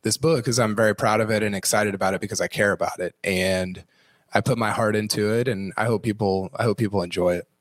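A hoarse man co-hosting a podcast, talking eagerly and rambling about his new book. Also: lowish voice, fairly even intonation, quick pace, dry recording, clean studio sound. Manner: eager, rambling, many restarts. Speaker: podcast co-host and author. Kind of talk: casual podcast chat.

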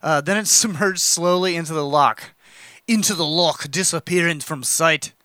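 A man's voice: fairly high pitch, moderate pace, bright, forceful tone, smooth, no room sound. A man co-hosting a casual podcast, joking around and reading a news story aloud with asides. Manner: laid-back, joking, reads articles aloud with asides. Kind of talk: casual chat.

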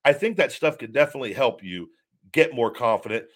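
A man's voice: mid-range voice, expressive, brisk, fairly bright tone. A man hosting a live show, rambling candidly as he reads out viewer questions and answers them off the cuff. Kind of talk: casual live-stream chat.

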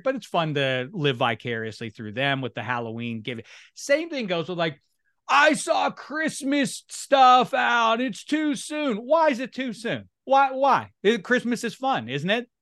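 A high-pitched man with a bright, forceful tone hosts a casual sports podcast. He rants and scolds in a playful, mocking way. His voice sounds close and dry, with no room sound. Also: normal speed, no room sound. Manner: animated ranting, mock complaints. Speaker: podcast host.

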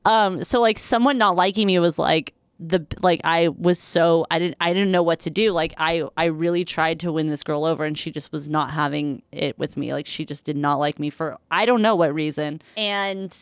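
A woman's voice: deep voice, steady tone, normal speed, few pauses, clean tone, no echo, clean studio sound. A woman in her thirties co-hosting a chat in a hotel room, telling a story in a rambling way with many fillers and laughs. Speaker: podcast co-host.

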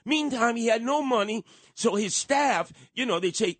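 An older man telling gossipy stories on talk radio, acting out the people he quotes with loud, high exclamations. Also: animated, normal speed, no room sound.

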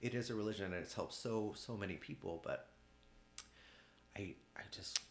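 Guy being interviewed, low voice, stops and restarts a lot, bit of room echo. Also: slight background noise. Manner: halting, many restarts, laughs while talking. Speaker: guest artist. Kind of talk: candid conversational interview.

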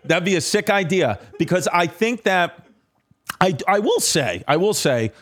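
A man's voice: sits high, big pitch swings, unhurried. A man hosting a podcast, rambling and joking in casual chat with plenty of fillers. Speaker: podcast host.

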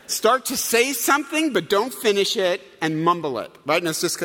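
Guy preaching in a big echoey hall, lively up and down voice, kinda high, jokes around with the crowd. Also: normal speed. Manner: animated, humorous preaching with asides to the congregation. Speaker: pastor. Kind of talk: sermon. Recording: long hall reverb.

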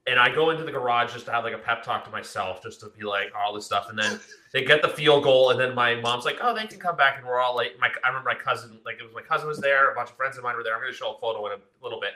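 A young man hosting a casual sports podcast, telling stories in an excited, rambling way. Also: mid-range voice, racing, reverberant. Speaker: podcast host.

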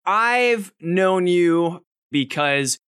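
A man's voice: high voice, animated, extremely slow, a bit bright, clear, resonant tone. A man hosting a podcast, eagerly telling a story in a casual chat. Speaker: podcast host.

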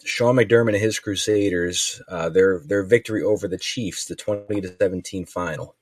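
A man hosting a casual sports podcast, relaxed and steering the talk between segments. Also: low voice, moderate pace, no echo, studio quality. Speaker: podcast host.

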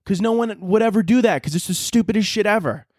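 A young man hosting a casual solo podcast, telling stories in a profane, laughing, animated way. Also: sits high, fast talker, no echo, clean studio sound. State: out of breath. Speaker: podcast host.

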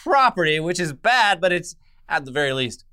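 Man, podcast co-host, bright and forceful tone, slightly high voice, sarcastic news chat. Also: sing-song, normal speed, clear, resonant tone. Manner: jokey, sarcastic, drops low for asides. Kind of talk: casual news chat and ad read.

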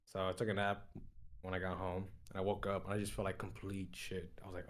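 A man calling in to a talk show, telling a rambling story loudly and eagerly. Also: low-pitched, completely flat delivery, brisk, slight background noise. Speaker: caller. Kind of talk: casual call-in chat.

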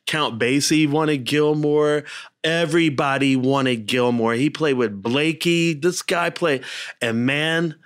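A man's voice: a little high, slow pace, fairly bright tone, clear, resonant tone. A man co-hosting a casual talk, telling a story and acting out the quotes with big jumps in his voice.

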